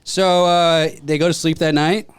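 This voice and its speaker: A man's voice: on the high side, unhurried, clean tone, dry recording. A man on a podcast telling a story in casual chat, acting out the people he quotes. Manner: animated retelling with quoted voices. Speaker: podcast co-host.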